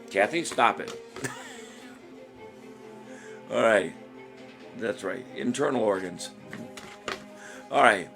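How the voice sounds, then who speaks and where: This trivia host's voice sits on the low side, animated yet slow, with vocal fry, frequent pauses, a slightly bright tone, and soft background music. On his casual live stream he jokes, rambles, chuckles a lot, and reads viewers' answers aloud.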